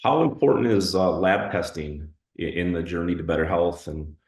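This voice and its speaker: A man's voice: sits low, normal speed, gravelly, a little mellow, echoey room. A man hosting a podcast who asks interview questions in a hesitant way, full of fillers. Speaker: podcast host.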